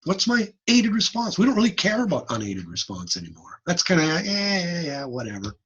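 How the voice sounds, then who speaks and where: A man giving an informal online lecture, lively and blunt, over a computer mic on a video call. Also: sits high, fairly quick, breathy edge, dull audio. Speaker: audiology lecturer.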